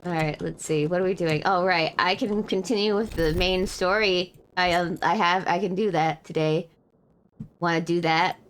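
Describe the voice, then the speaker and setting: A woman's voice: lowish voice, fairly even intonation, moderate pace, slight background noise. A woman streamer in casual chat, feeling a bit unwell, rambling and correcting herself with frequent laughs.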